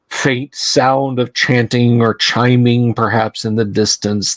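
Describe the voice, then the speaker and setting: Man, game master, slow descriptive narration, dry close sound. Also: lowish voice, no echo. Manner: deliberate, descriptive, with restarts.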